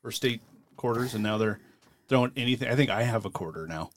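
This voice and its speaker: A man co-hosting a podcast in casual chat, chatty and quick to laugh. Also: mid-range voice, lively intonation, a little hiss or hum. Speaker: podcast co-host.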